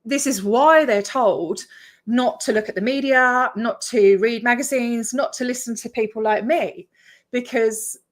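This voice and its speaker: A woman's voice: a little high, unhurried. An Australian woman chatting on a casual reaction stream, blunt and swearing, laughing in disbelief. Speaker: streamer reacting to her own video.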